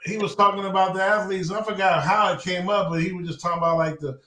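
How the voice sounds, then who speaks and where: A man's voice: high voice, steady tone, fast talker, sharp tone. A man in his forties co-hosting a casual sports show. He tells loose stories with joking asides. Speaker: podcast co-host. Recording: echoey room.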